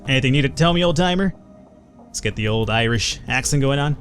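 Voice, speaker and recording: A man's voice: medium pitch, lively intonation, fairly quick. Chatty let's play guy, swears a lot, faint game music behind him. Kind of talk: casual gameplay commentary.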